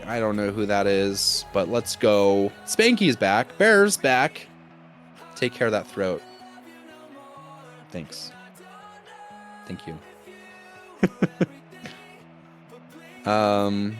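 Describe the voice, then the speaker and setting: A man casting a live esports match as play-by-play commentator, jokey and excitable with loud bursts of enthusiasm. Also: on the low side. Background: music.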